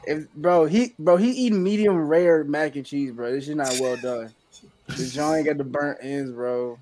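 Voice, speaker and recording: Teasing man with a higher voice. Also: measured pace, darkish tone. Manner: playful teasing, laughing slang. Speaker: podcast co-host. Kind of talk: casual chat.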